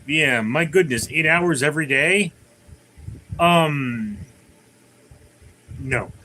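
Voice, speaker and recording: Brief: male streamer, casual rambling chat, slightly high bright voice, light noise floor. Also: slow pace, low-quality recording. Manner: rambling, many fillers and restarts, tells jokes. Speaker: livestream host. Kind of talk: casual chat reading viewer comments.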